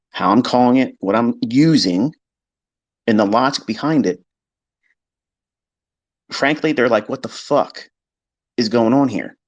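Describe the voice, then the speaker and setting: Blunt, swearing man lecturing listeners. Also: medium pitch. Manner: blunt, emphatic, swears, mimics skeptics in quoted asides. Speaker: trading educator hosting a live audio space. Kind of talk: casual monologue to listeners. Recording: live audio chat stream.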